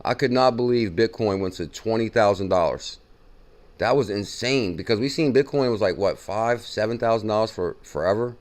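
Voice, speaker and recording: Man, crypto show host, fairly low voice, excitable, casual chatty delivery, repeats himself for emphasis. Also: normal speed. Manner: excitable, repeats and reacts to a played clip. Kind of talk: casual chat.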